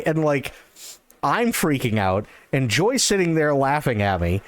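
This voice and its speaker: A male streamer telling a long story in a rambling, run-on way, with excited self-quotes. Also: medium pitch, unhurried. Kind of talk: casual storytelling.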